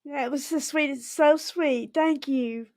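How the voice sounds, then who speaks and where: A woman's voice: high-pitched, slow, darkish tone, no room sound. A woman, hosting a casual livestream and chatting effusively with frequent giggles. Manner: effusive and giggly, laughs often. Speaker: livestream host.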